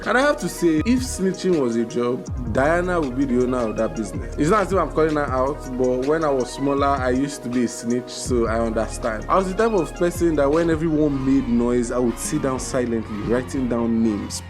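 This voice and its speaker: A young man doing a casual, joking review, animated, with bursts of loud exclamations. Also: medium pitch. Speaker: video reviewer.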